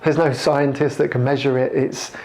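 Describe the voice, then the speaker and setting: A man telling his own conversion story to a camera, halting and reflective, with many restarts. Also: medium pitch, flat delivery, a little mellow. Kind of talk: personal testimony to camera.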